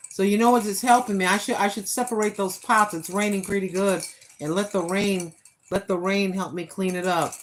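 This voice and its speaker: A woman's voice: medium pitch, slight background noise, rough recording. A woman in her sixties hosting a casual walking livestream, joking and giving repeated playful warnings to her viewers. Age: 60s. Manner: preachy, joking, repetitive warnings. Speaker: walking vlog host. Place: at home indoors.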